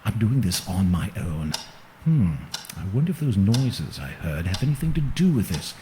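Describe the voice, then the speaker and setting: Stubborn writer. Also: male voice, fairly low pitch, big pitch swings, moderate pace. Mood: determined. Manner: earnest, defiant. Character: stubborn young male writer investigating a murder. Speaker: game character on the phone. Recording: loud background hiss.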